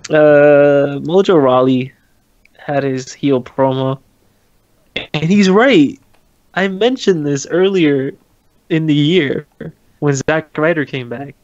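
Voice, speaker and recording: A man's voice: fairly high pitch, slow pace, long pauses, darkish tone, lo-fi sound. A man casually chatting about wrestling as a podcast co-host, laughing often and swearing casually.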